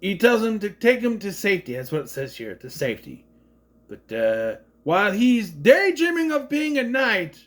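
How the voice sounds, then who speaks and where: A man in his thirties giving a rambling, sarcastic review of an animated film in a casual monologue. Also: sits high. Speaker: movie reviewer.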